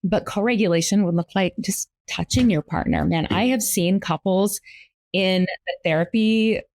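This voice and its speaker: A middle-aged woman, a family therapist, explaining ideas calmly in a relaxed interview, pausing now and then on soft fillers. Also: medium pitch, no room sound. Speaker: marriage and family therapist, guest. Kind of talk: casual interview talk.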